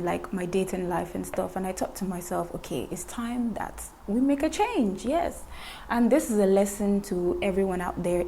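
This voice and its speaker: A woman's voice: medium pitch, dark tone, a little hiss or hum. A young woman talking to camera in a casual chat, repeating words for emphasis and laughing at her own jokes. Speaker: vlogger.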